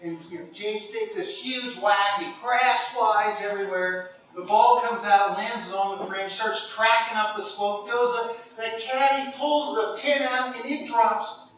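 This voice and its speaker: Animated man telling stories in an echoey hall. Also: sits high, unhurried, a little hiss or hum. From Cincinnati, Ohio. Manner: animated storyteller, laughs often. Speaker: golf hall of fame inductee. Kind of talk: induction speech storytelling. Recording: echoey hall, mic far off.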